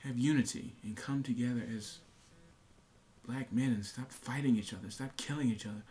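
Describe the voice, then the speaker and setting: A man's voice: medium pitch, moderate pace, dark tone, slight background noise. A young man talking earnestly to his camera in a casual monologue, repeating himself with many fillers and restarts. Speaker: vlogger.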